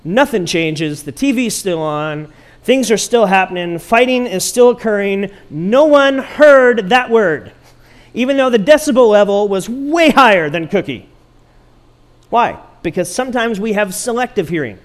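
A man's voice: high-pitched, measured pace. A middle-aged man preaching a sermon as pastor, telling stories playfully and acting out quotes. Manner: animated, playful storytelling with acted quotes.

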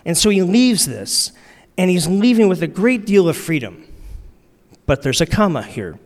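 A man preaching a sermon in a relaxed, conversational way, using slang and repeating his key lines for emphasis. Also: fairly high pitch, a little fast. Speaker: pastor. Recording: long reverb of a large hall.

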